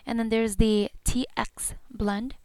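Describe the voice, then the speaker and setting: Woman teacher, slow and patient pronunciation drills, smooth voice, dry close recording. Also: on the high side, fairly even intonation, darkish tone, no echo. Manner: patient, repeats each sound several times. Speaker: language teacher.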